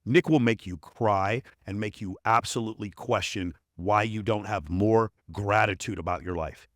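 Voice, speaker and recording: Podcast guest guy, fairly low voice, swears a lot, blunt, dry close mic. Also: moderate pace, dry recording. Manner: blunt, profane, emphatic storytelling. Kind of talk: casual interview conversation.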